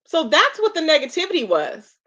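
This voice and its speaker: Woman live-stream host, high voice, sassy and exasperated, dull lo-fi audio. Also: very animated, brisk, a bit bright. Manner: sassy, exasperated, rhetorical, greets chat viewers with endearments.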